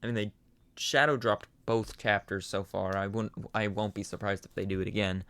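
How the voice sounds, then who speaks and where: A man's voice: lowish voice, fairly even intonation, normal speed, a bit bright, dry recording, clean studio sound. A young man hosting a casual reaction video, talking in a rambling, self-interrupting way. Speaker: channel host reacting to game news.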